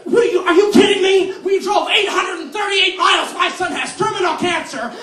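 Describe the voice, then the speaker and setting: A man voicing a furious grandmother who shouts and rants at a ride worker during a live comedy set. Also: very high voice, brisk, pitched above the performer's own voice. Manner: shouting, outraged. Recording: echoey theater from far off.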